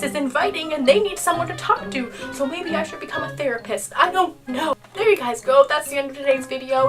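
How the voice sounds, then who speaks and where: A woman's voice: high voice, recorded from a distance. A young woman vlogger telling an exasperated storytime tale, peppering it with "okay?" over background music. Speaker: YouTuber. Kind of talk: storytime vlog.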